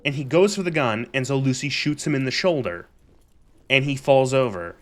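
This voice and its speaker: A young man streamer recapping a show in a casual, exasperated rant, animated and swearing freely. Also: medium pitch, moderate pace.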